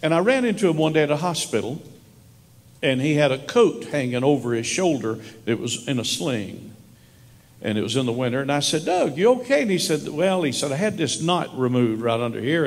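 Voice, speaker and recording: A man preaching a sermon as a pastor, telling stories and moving from hushed, slow lines to raised ones. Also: mid-range voice, lively intonation, long reverb tail. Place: church sanctuary.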